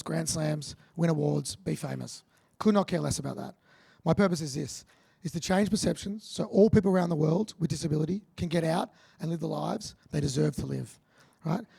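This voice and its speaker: An Australian man delivers a motivational keynote with punchy, joking energy. His voice sits high for a man, with a gravelly, husky edge. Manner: energetic, punchy, jokey with the audience. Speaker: keynote speaker.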